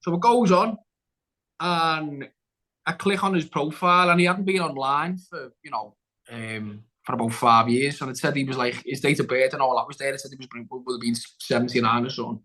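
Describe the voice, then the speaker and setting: A man's voice: mid-range voice, brisk, pushed and bright, rough recording. A man, a guest actor on a podcast, telling a long story in casual chat, rambling and restarting, acting out what people said. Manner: rambling, with many restarts and acted-out quotes.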